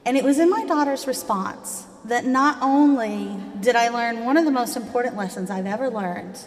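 A woman, telling a personal story live with a wry touch, sometimes dropping to a hush. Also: on the high side, moderate pace, few pauses. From Southern United States. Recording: echoey hall with long reverb.

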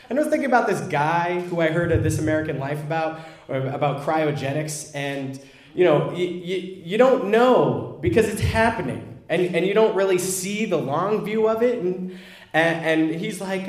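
A man's voice: a little high, moderate pace, reverberant. A young man candidly telling a self-deprecating personal story, acting out what people said.

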